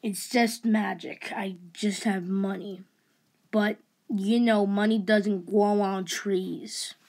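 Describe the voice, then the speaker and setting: A woman's voice: medium pitch, steady tone, slow pace, darkish tone. A woman playing through a silly skit, who talks playfully and keeps dropping into mumbled whispers. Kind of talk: playful toy-play voices.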